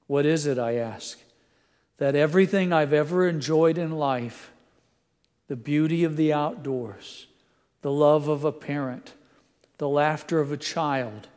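A man preaching a sermon, reading quotes aloud in an earnest voice and moving into a quiet prayer. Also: on the high side, big-room sound.

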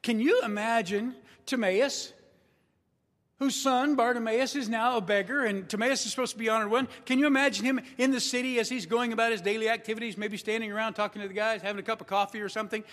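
Male pastor, high voice, storytelling sermon, long hall reverb. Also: fairly even intonation, quick pace, fairly bright tone. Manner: storytelling, acts out quoted voices.

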